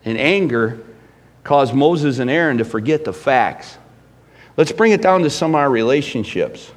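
A middle-aged man preaching a sermon as pastor, emphatic, swinging between loud bursts and hushed lines. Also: medium pitch, lively intonation, moderate pace.

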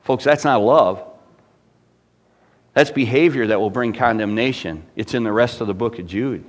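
A man's voice: mid-range voice, moderate pace. A middle-aged man preaching a sermon with rising fervor and asking the congregation rhetorical questions. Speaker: pastor.

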